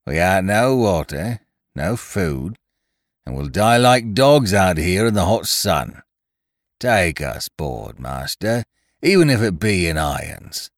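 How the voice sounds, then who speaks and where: A man voicing a beaten, mournful pirate who speaks in rough rustic grammar. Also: sits low, sing-song, slow pace, no echo, studio quality, heavily acted. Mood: pleading. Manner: pleading, mournful, dialect grammar.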